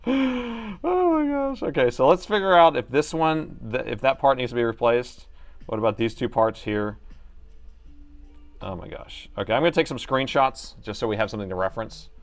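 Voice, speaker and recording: A man's voice: mid-range voice, brisk, soft background music. A man hosting a laptop repair livestream, chatting casually to viewers and laughing often as he works. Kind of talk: casual live repair chat.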